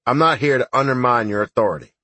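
A man voicing a gruff, blunt older army sergeant in an audiobook, with a husky voice. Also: medium pitch, fast talker, sharp tone, no echo, voice pushed up.

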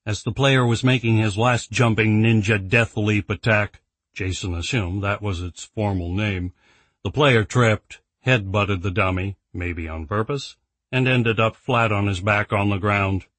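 A man narrating an audiobook in an even, measured storytelling voice. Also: lowish voice, dry recording. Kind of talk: scripted narration.

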